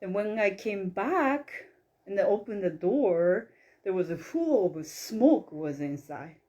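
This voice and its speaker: A woman with telling a story in casual chat, animated and acting out quoted dialogue. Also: medium pitch, slow pace. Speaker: guest, psychic massage healer.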